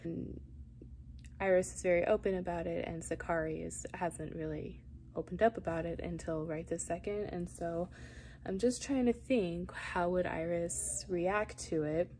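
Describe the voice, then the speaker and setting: A woman's voice: fairly low pitch, fairly even intonation, measured pace, darkish tone, a little hiss or hum. A young woman chatting to camera about her writing, thinking aloud and rambling, sometimes dropping to a whisper. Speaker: writing vlogger. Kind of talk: casual chat to camera.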